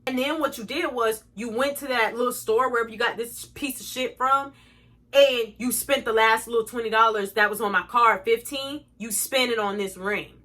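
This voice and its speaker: A woman's voice: on the high side, moderate pace, bright, forceful tone. A young woman telling a storytime to her viewers, blunt, profane and indignant as she rants. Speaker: vlogger. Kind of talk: storytime rant.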